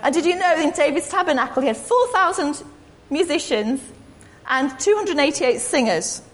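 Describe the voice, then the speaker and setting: A woman's voice: sits high, lively intonation, moderate pace. A woman giving an informal, rambling, self-deprecating sermon in a church hall. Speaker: preacher. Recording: echoey hall.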